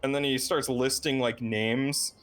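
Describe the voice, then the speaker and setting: A man's voice: mid-range voice, fairly even intonation, unhurried, fairly bright tone. A man running a tabletop game as dungeon master, narrating loosely with many fillers and frequent laughs.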